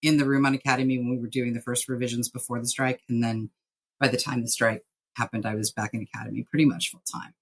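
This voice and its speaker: Woman, low voice, TV writer on a podcast, affectionate and laughing. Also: flat delivery, fast. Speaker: TV writer guest. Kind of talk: casual podcast interview.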